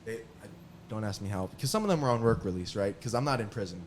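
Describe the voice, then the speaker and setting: A man telling casual stories on a podcast, animated and often laughing as he acts out what others said. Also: on the low side, fast talker, slight background noise. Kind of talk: casual storytelling.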